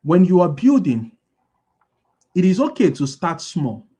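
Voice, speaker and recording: High-voiced man repeating points for emphasis. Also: sing-song, a little slow, dark tone, breathy edge. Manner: repeats key lines for emphasis; asks the audience call-and-response questions. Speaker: business speaker. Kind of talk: motivational business talk.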